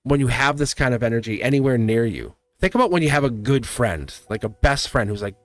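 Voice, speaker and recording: A man hosting a live tarot stream, talking in a rambling, animated way and laughing often. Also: medium pitch, a little fast, soft background music. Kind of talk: casual live-stream chat.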